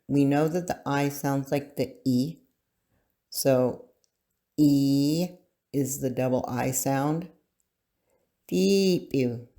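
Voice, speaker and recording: Teacher for a recorded language lesson: unhurried, careful, leaves room for learners to repeat each word. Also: medium pitch, darkish tone. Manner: slow, deliberate, pausing for learners to repeat.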